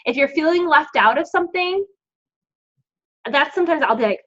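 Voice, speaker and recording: Upbeat woman coach, fairly high voice, chatty and encouraging, muffled lo-fi recording. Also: normal speed, pauses often, a bit bright. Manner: bubbly and encouraging, lots of "like" and "um". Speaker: team coach leading a group call. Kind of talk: casual pep talk to a team. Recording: dull lo-fi sound.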